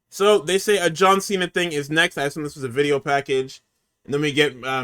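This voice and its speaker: A man hosting a casual podcast, recapping a show in an exasperated, profane and animated way. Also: a little high. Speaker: podcast host recapping wrestling.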